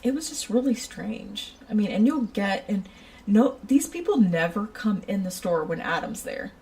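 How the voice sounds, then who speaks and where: A woman who works in a shoe store, telling a casual, animated story about her customers and laughing often. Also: medium pitch, normal speed, far from the mic, poor audio. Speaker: retail shoe store worker.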